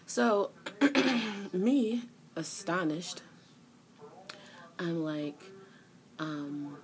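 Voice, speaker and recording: A young woman tells a story to her camera in an exasperated rant. Her voice sits a little low, and it jumps up sharply when she imitates the other people in the argument. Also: very slow, long pauses, rough recording. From New York. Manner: exasperated storytelling, acts out both sides of an argument in raised voices. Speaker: vlogger.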